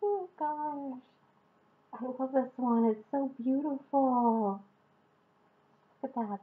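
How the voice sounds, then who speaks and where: An excitable woman gushes through a home unboxing vlog in a voice that sits a little high. Her recording sounds thin and tinny, like a phone line. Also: slow pace, long pauses. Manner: gushing, excitable. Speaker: vlogger.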